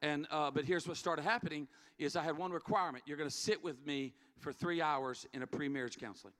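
A man's voice: a little high, fairly even intonation, brisk, fairly bright tone. A middle-aged man, a pastor, telling a story in an earnest sermon, repeating key words for emphasis. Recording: long hall reverb, faint music. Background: faint music.

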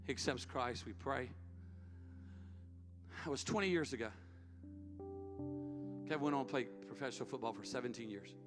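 A man's voice: mid-range voice, moderate pace, long pauses. A middle-aged man, a pastor, telling a story in an earnest sermon, repeating key words for emphasis. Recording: long hall reverb, faint music. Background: faint music.

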